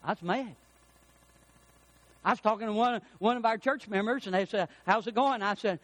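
A middle-aged man preaching a folksy sermon, swinging between loud emphasis and hushed, prayerful passages. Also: sits high, normal speed, long pauses, dry recording. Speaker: pastor.

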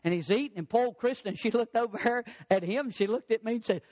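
A man preaches a sermon in a high, ringing voice. He stacks repeated lines with rising emphasis and acts out the people he quotes. A long reverb from a large hall trails behind him. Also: a little fast, a little mellow. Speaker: pastor.

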